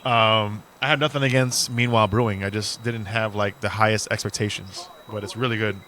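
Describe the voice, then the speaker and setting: A man's voice: fairly low pitch, steady tone, a little fast, bright, forceful tone, a little hiss or hum. A man co-hosting a podcast in casual chat, rambling and joking, swearing freely as he talks. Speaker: podcast co-host. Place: indoors, dim room.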